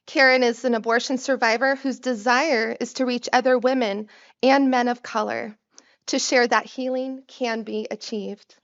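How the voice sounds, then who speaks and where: A woman's voice: on the high side, fairly bright tone, highs cut off. A woman hosting an event, reading a scripted introduction in a formal, announcing way. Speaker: event host.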